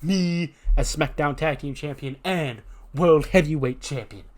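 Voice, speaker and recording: A man's voice: on the high side, measured pace, lightly acted. A man voicing an eager, boastful young male wrestler in a wrestling game playthrough, rambling and self-hyping. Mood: hyped.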